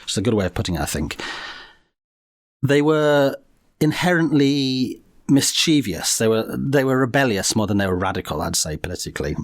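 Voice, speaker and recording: A man hosting a podcast, chatting casually through a history story with frequent fillers and a relaxed, rambling manner. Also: medium pitch, normal speed, no room sound, clean studio sound. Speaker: podcast host.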